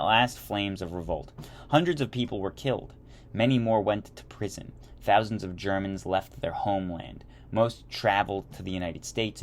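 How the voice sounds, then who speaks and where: A man with a fairly low voice reads a history lesson straight from the textbook. He trips over words, corrects himself, and breaks off for casual remarks. A faint hum sits under his voice. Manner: stumbling reads with self-corrections and chatty asides. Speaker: history teacher. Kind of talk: reading a history textbook aloud.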